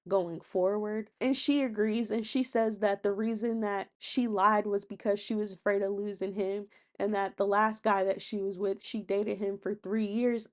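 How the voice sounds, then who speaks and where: A woman casually retelling a reality show episode, chatty and quick, leaning on "and she was like" quotes. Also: mid-range voice, darkish tone. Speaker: recap host. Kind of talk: casual reality TV recap narration.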